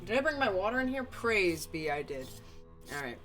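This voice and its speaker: A woman's voice: mid-range voice, very animated, normal speed, a bit bright, soft background music. A woman streaming a fishing game, chatting casually, laughing and swearing between dialogue. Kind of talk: casual gameplay commentary.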